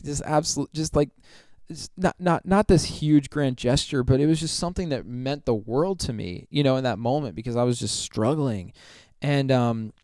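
A young man, a youth minister, telling a story in a casual interview, animated and full of "like" fillers, acting out quotes. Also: mid-range voice, clear, resonant tone, no echo, studio quality. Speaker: youth minister and podcast guest.

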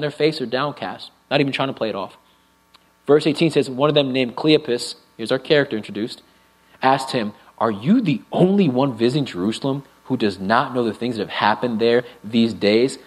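A man preaching a sermon to a congregation, with expressive delivery that swings between loud emphasis and hushed, quiet lines. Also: medium pitch, low-quality recording. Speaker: pastor. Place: church sanctuary with live and online congregation.

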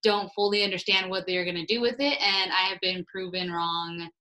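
A woman's voice: on the low side, steady tone, sharp tone, rough recording. A woman co-hosting a casual podcast chat, upbeat and giggly. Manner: upbeat, giggly, quick asides. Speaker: podcast co-host.

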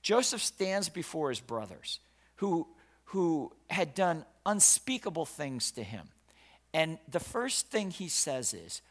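Guy preaching a sermon, voice swings all over, kinda high, dramatic storytelling, keeps repeating himself for effect. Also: sing-song, takes it slowly, fairly bright tone. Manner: dramatic, emphatic storytelling with restarts and repetition. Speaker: pastor.

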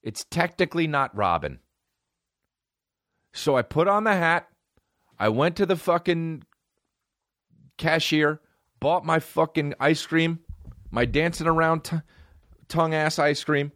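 A man's voice: fairly high pitch, lively intonation, a little slow, long pauses, a bit bright, no echo, clean studio sound. A man in his forties hosting a solo comedy podcast, rambling through profane tangents and restarting his sentences. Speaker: podcast host.

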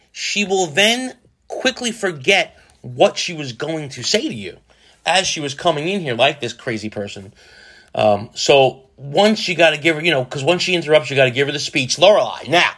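A man's voice: fairly high pitch, fairly bright tone. A man, hosting a casual solo podcast and rambling jokily, with a lot of profanity and restarts. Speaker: podcast host.

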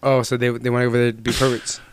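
A man chatting casually on a podcast, swearing freely and bantering in an animated way. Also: medium pitch, fast, slight background noise. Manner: profane, animated, agreeable banter.

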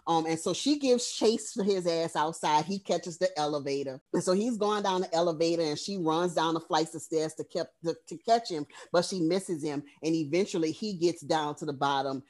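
A woman's voice: deep voice, normal speed, hardly any pauses, darkish tone. A woman co-hosting a podcast, recapping a horror film in casual, profane storytelling. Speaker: podcast co-host.

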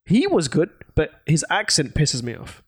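A man co-hosting a casual film chat, relaxed and hesitant, with many fillers. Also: a little high, moderate pace, breathy edge, no echo, studio quality.

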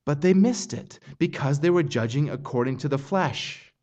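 A man's voice: fairly high pitch, expressive, normal speed, darkish tone, highs cut off. A man preaching an expository sermon, earnest and building intensity on quoted passages. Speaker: pastor.

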